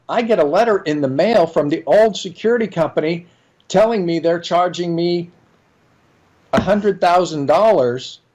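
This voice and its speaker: A middle-aged man tells stories from his working life in an earnest, conversational way. His voice sits a little high for a man. He acts out the dialogue as he recounts it. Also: a little mellow. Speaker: guest, leadership trainer. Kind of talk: conversational storytelling.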